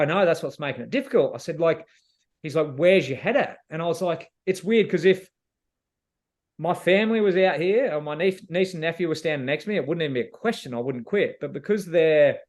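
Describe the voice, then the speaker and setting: An Australian man, slightly high-voiced, appears as a guest who was a reality show contestant. In a casual storytelling interview, he candidly and emotionally retells events, acting out the dialogue he quotes.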